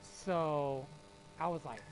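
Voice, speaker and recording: A man streaming a game, telling a rambling, excitable story in casual chat and swearing freely. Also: a little high, slow, a little hiss or hum, rough recording. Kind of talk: casual storytelling while gaming. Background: loud game music.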